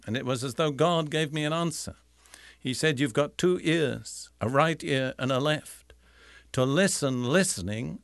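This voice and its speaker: A man preaching a sermon in a measured, deliberate way, slowing down to stress key phrases. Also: medium pitch, a bit bright, no room sound. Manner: measured, deliberate, slows for emphasis.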